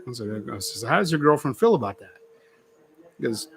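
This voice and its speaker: A man's voice: mid-range voice, sing-song, a little fast, pauses often. A middle-aged man telling a story in casual chat, acting out quoted voices and laughing often.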